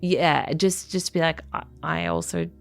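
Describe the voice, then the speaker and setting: A woman with an Australian accent talks things through casually, pausing on fillers and restarting her thoughts. Her voice sits low and has a gravelly edge. Faint music hums underneath. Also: fairly even intonation. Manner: conversational, hesitant, many fillers and restarts, laughs often. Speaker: writer. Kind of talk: reflective casual interview talk. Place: living in Scotland.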